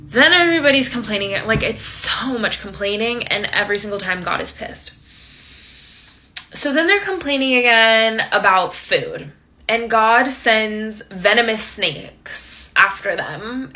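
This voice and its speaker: A woman's voice: medium pitch, pushed and bright. A young woman giving a casual, slangy, ironic Bible recap into a phone camera, with lots of "like". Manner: chatty, slangy, ironic, many likes. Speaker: host.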